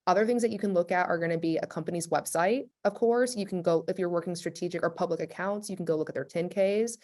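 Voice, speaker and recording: A woman speaking as a webinar panelist, chatty and energetic, with many fillers like "like". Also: lowish voice, quick pace. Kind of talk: casual panel discussion.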